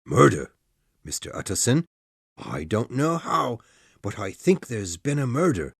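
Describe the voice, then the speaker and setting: A woman voicing a frightened, loyal male butler in an audiobook, in a halting, lowered voice. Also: sing-song, creaky, slightly rough, no echo, clean studio sound, full character voice. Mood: afraid. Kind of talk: audiobook character voice.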